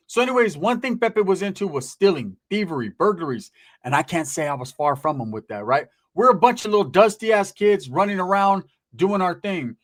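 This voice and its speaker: Streetwise male storyteller from Northern California; profane, casual, fairly high-pitched. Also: expressive, fairly quick.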